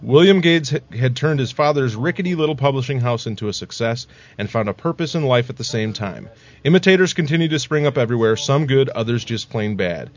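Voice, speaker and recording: A man's voice: medium pitch, expressive, a little fast, lo-fi sound. A man co-hosting a podcast, reading a scripted history aloud in a casual way and laughing at his own slips.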